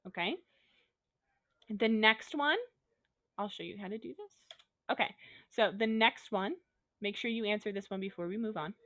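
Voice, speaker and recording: A woman's voice: medium pitch, moderate pace, long pauses, sharp tone, no echo. Woman teacher, patient and methodical, mid-range voice, dry close recording. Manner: patient, step-by-step explaining. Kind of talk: remote grammar lesson.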